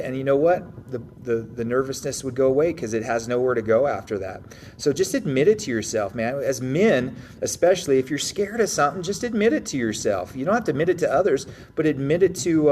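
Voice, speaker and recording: A man who teaches jiu-jitsu, answering viewer questions in a casual livestream. His coaching is blunt and upbeat, with mild swearing, and he acts out his own inner thoughts in quick asides. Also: mid-range voice, darkish tone, a little hiss or hum.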